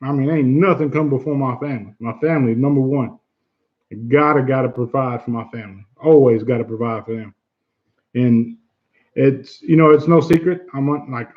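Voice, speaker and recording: A livestream host chats casually, earnest and blunt, swearing easily and repeating himself for emphasis. His voice is mid-range, and the highs are cut off in the audio.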